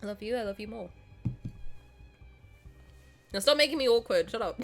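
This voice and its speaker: A woman's voice: fairly high pitch, expressive, moderate pace, long pauses, faint music behind. A woman streamer who is sick, chatting effusively with her viewers and reading game text aloud, with many restarts and bursts of laughter. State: sick, slightly congested.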